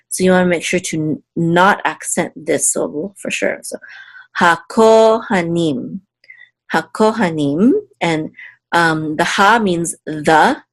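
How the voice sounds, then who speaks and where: A woman teaching a lesson, slowly sounding out syllables and words, casual, with fillers and self-corrections. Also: on the low side. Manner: slow deliberate sounding-out of syllables. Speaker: Hebrew teacher. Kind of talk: patient step-by-step lesson.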